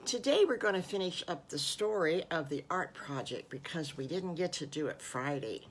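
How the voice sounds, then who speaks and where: Older woman, fond children's storyteller, slightly low voice, chatty. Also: lively intonation, normal speed, slight background noise. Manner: warm, doting, chatty with fillers.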